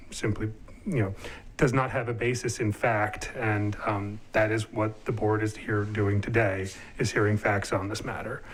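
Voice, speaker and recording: A lower-pitched man addresses a licensing board in a formal legal tone. He speaks carefully, with frequent ums. A faint hiss sits under the recording. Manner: measured, many ums. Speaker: attorney at a licensing hearing.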